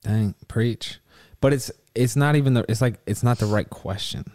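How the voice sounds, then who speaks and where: A man's voice: mid-range voice, normal speed, a little mellow. A man co-hosting a casual reaction chat, reacting with enthusiastic interjections. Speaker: co-host reacting to a clip.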